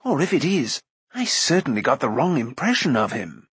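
A man's voice: medium pitch, big pitch swings, normal speed, fairly bright tone, husky, no echo, exaggerated voice. A man voicing a nervous, wry middle-aged bard who mutters dry asides.

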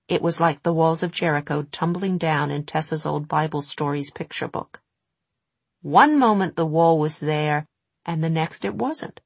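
A woman reading a storybook aloud in a steady, low-key narration. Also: husky, dry recording. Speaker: audiobook narrator. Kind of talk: scripted narration.

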